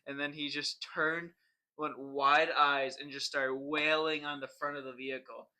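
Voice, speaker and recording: A man's voice: a little high, flat delivery, moderate pace, sharp tone. A young man co-hosting a podcast who tells a story in a rambling, laughing way and often starts sentences over. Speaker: podcast co-host. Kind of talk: casual storytelling chat.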